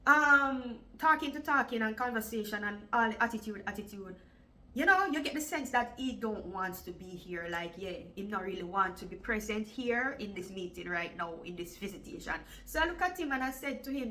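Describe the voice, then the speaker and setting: A woman's voice: mid-range voice, lively intonation, moderate pace, bright, forceful tone, low-quality recording. A Jamaican woman in her forties telling her own story in a vlog, emotional and repeating "like" often. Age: 40s. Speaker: vlogger.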